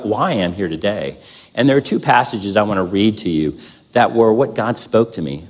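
Guy with a lowish voice telling his own story to a crowd, candid, pokes fun at himself, reads scripture. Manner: candid, self-deprecating humor. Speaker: speaker at a gathering. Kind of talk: personal testimony talk with scripture reading.

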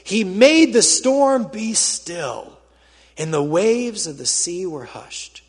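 A male pastor preaching a sermon, telling the story dramatically and swinging from loud, urgent passages to hushed ones. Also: high voice, sing-song, takes it slowly, breathy edge. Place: church auditorium with a screen. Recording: reverberant hall.

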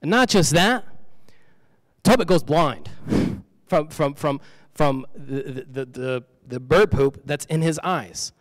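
A man's voice: a little high, expressive, slow, no echo, long reverb tail. A man preaching a sermon in a conversational way, repeating key phrases for emphasis.

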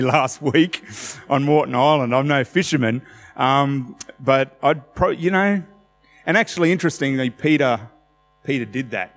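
Man preaching in a reverberant hall. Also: medium pitch. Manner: conversational, animated, laughs often. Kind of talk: sermon. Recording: hall reverb with faint music.

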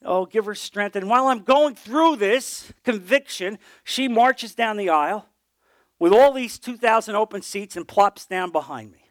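A middle-aged man leads a Bible class in an earnest, storytelling manner. His voice sits high for a man, and he often drops to a soft, low hush at moving points. The sound is dry and close. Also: animated, unhurried, dry recording. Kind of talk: conversational Bible teaching with personal testimony.

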